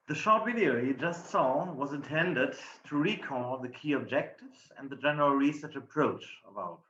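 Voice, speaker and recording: A man's voice: medium pitch, a bit bright, roomy sound, dull audio. A man with a German accent, a professor giving a formal, polite conference presentation. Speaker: professor and lead researcher presenting.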